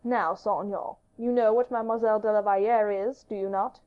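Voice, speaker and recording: A woman's voice: mid-range voice, fairly even intonation, a little fast, close to an everyday voice. A woman voicing a curious, commanding male king in an audiobook. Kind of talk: audiobook character reading. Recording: dull lo-fi audiobook recording.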